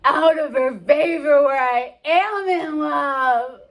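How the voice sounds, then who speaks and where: A woman's voice: high-pitched, slight background noise. A woman acting out a mopey, lovesick rich young man, sighing and drawn out. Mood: moping. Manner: sighing, slow, self-pitying.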